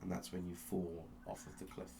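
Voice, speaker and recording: A man narrating a tabletop game as game master, telling the story slowly and with suspense, often restarting his sentences. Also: low-pitched, completely flat delivery, vocal fry, noisy background. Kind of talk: dramatic second-person narration of a tabletop game.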